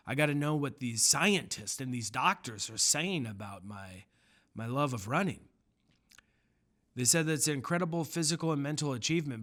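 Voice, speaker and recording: Dude doing a casual solo podcast, crude jokes, goes loud then mumbles, mid-pitch voice. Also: male voice. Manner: rambling, crude, jokey, swings between loud outbursts and muttering. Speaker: podcast host.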